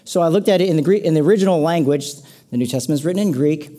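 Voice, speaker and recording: A man's voice: on the high side, racing, mellow. A man preaching a casual, conversational sermon to a congregation, with playful asides. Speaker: pastor.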